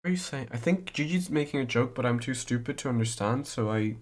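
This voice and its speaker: A man's voice: mid-range voice, expressive, fast. Guy rambling and joking around in casual chat, mid voice. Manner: playful, rambling, teasing.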